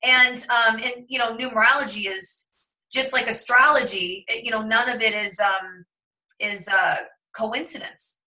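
A woman in her thirties with a bright, sharp, fairly high voice tells a personal story in a loose, chatty way. She acts out the quoted remarks as she goes. Her voice sounds a little distant from the mic. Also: steady tone, unhurried. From Ohio, USA. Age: 30s. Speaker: host of a tarot and numerology channel. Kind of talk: casual storytelling on a call.

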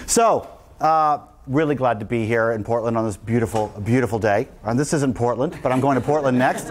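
A man giving an energetic, emphatic public lecture as the guest speaker to a live audience in a lecture room. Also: medium pitch, brisk.

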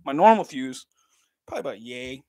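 A man's voice: medium pitch, animated, fairly quick, mellow, no room sound. Thirties male streamer, loose and profane, laughs constantly, mid-range voice, dry close mic. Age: 30s. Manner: laughs often, swears casually, talks to chat. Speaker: livestreamer. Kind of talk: casual livestream chat.

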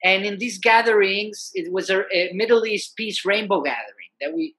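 A man, a musician and peace activist, telling a story as a guest in an animated, conversational way, often saying "you know". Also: sits high, moderate pace.

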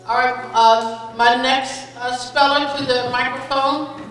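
High-voiced, unhurried woman pronouncing spelling words. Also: steady tone, a bit bright, a little hiss or hum. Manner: patient, encouraging, calls each speller friend. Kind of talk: reading words, definitions and example sentences. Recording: echoey hall, voice far from the mic.

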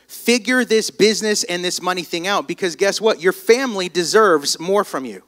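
A motivational business speaker addresses a live crowd in a high voice, at a moderate pace with few pauses. He tells stories energetically and prompts the audience to answer back.

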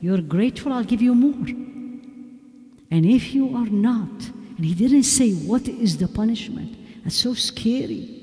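A woman lectures in a large hall, her mellow, dark-toned voice ringing with long reverb. She speaks emphatically and keeps putting questions to her listeners, often repeating them. It is a religious talk aimed at the women in the room. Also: a little high, animated, measured pace.

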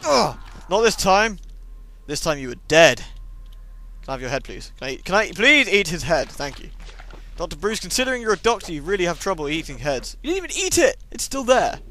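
A man's voice: a little high, big pitch swings, a little fast, sharp tone. A man giving sarcastic, playful commentary over gameplay, joking with the characters on screen. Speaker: let's play commentator.

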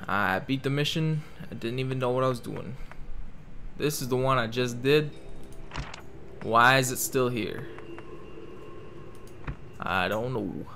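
A man's voice: mid-range voice, a little slow, vocal fry, pauses often, sharp tone, soft background music. A young man rambling through casual gameplay commentary, reading game text aloud mockingly, swearing freely, and talking in a joking put-on Italian-ish accent. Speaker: gaming channel host.

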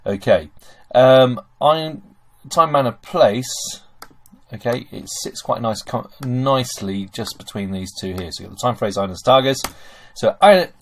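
A man's voice: mid-range voice, unhurried, slight background noise. A man teaching German grammar over a screen recording, chatty and full of okays and fillers.

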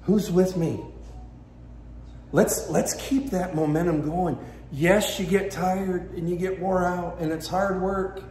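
A man's voice: high-pitched, fairly even intonation, slow pace, darkish tone, roomy sound. A male pastor preaching a sermon with passionate, emphatic delivery that builds in intensity. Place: church sanctuary.

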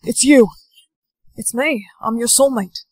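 A woman's voice: on the high side, a little slow, a little mellow, slightly rough, no echo, low-quality recording. A woman playing a playful young man who loves history, in a TikTok POV skit. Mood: teasing. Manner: playful, teasing.

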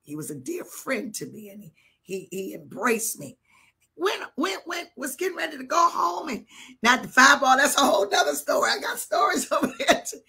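An older woman bishop preaching a live sermon, telling a personal story with animated swings between hushed and shouted delivery. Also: high voice, moderate pace, vocal fry.

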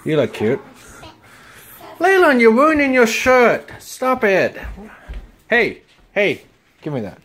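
A woman's voice: on the high side, huge pitch swings, slow, pauses often, fairly bright tone. A woman hosting a casual family vlog, chatting with and scolding her kids. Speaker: vlog host and mother. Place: home, then inside a moving car. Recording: camera audio with clear background noise.

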